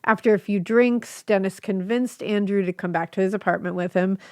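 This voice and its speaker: A podcast co-host, a woman with a mid-range voice roughened by vocal fry. She tells a true crime story in a loose, chatty way and swears freely. The sound is dry and close, with no room echo. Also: mid-range voice, moderate pace. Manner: chatty and profane, with a casual storytelling flow.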